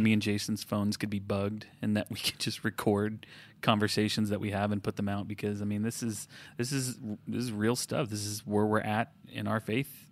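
This podcast co-host, a man in his thirties, has a lowish voice with a fairly bright tone. He talks casually about faith in a reflective way, correcting himself and frequently restarting sentences.

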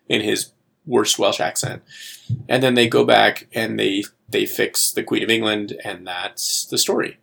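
A man's voice: on the low side, vocal fry, a bit bright. A man co-hosting a podcast, giving a wry, exasperated movie review in casual chat. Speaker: podcast co-host.

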